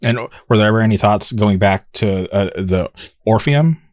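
A man's voice: lowish voice, normal speed, darkish tone, dry recording, studio quality. A man interviewing, asking his questions with hesitant stammering. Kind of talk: casual interview.

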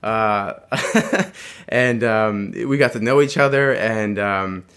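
A man's voice: on the low side, takes it slowly, a bit bright, smooth. A man telling a personal story in a casual chat, rambling with many restarts and frequent laughs. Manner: rambling, laughing often, acts out voices in quotes.

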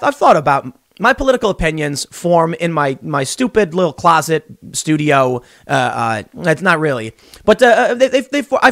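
A young man hosts his podcast from a small closet studio, and his voice sits a little high for a man, swinging widely up and down as he rants. He rambles and restarts his sentences, piling on opinion, and the sound is close and dry with no room echo. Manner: animated and rambling, with many restarts. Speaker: podcast host. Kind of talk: opinionated political commentary.

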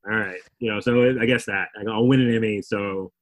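A man's voice: lowish voice, fairly even intonation, brisk, rough recording. A young man, a comedian guest, talking in a rambling, self-interrupting, wry way in a casual interview.

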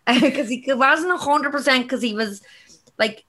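A young Irish woman co-hosting a dating podcast in a casual, rambling chat, a little raspy after a night out and laughing often. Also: high-pitched, measured pace, sharp tone. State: slightly raspy and hungover. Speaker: podcast co-host.

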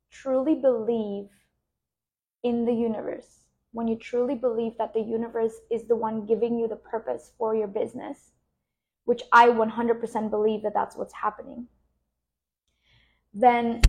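A woman podcast host and business coach, speaking slowly and soothingly as she guides a relaxation and coaching reflection. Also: on the high side, darkish tone.

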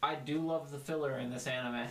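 A man's voice: mid-range voice, fairly even intonation, brisk, a bit bright, echoey room, slight background noise. A man co-hosting a podcast, talking in a laid-back, loose casual chat. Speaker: podcast co-host.

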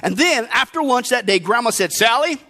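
Pastor guy preaching, really high voice that jumps all over, loud bursts then goes quiet. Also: animated, fairly quick, creaky. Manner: emphatic, with rhetorical questions and sudden hushes. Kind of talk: sermon.

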